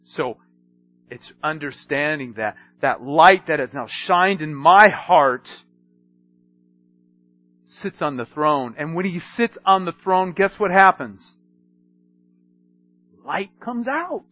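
A man preaching a sermon, swinging between hushed asides and emphatic storytelling. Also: a little high, expressive, slow pace, pauses often, no room sound, muffled recording.

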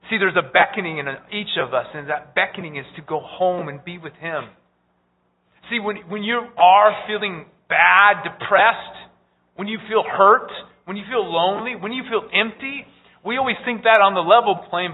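A man preaching a sermon, rising to loud, urgent pleading and dropping to hushed tones, often repeating phrases. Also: sits high. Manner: repeats phrases and restarts mid-sentence. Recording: tinny phone-like sound with long hall reverb.

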